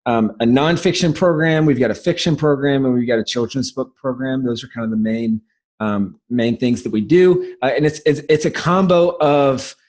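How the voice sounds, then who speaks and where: A man's voice: medium pitch, moderate pace, a little mellow. A man from South Carolina with a light Southern US accent, a guest telling his business story in a casual podcast interview, enthusiastic, with frequent restarts.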